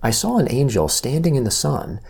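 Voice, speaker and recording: Male Bible reader, husky and mellow, measured scripture reading. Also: mid-range voice. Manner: measured, even-paced reading with slow emphasis on key phrases.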